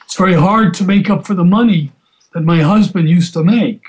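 A grieving widowed cleaning woman, a young mother, read out by a man with a high voice. The words come soft and measured, like a storybook quotation. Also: natural voice. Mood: sorrowful.

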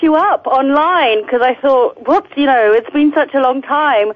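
A woman calling in to a radio interview, warm and laughing, hesitating with ums. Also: high-pitched, unhurried. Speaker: surprise caller. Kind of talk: phone-in interview chat. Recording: dull, dry, lo-fi line.

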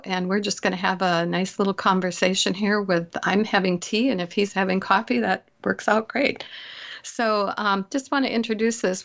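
Woman, talk show host, casual, filler words, deliberate slow emphasis, slightly dull recording. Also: mid-range voice, fairly bright tone. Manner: chatty with fillers, slows for emphasis. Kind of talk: casual chat and scripted intro.

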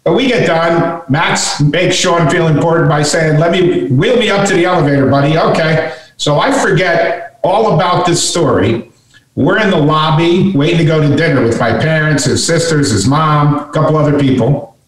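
A man's voice: a little high, normal speed. A middle-aged man, a guest author, telling a story in conversation and animatedly acting out the voices he quotes. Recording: echoey room, voice from far off.

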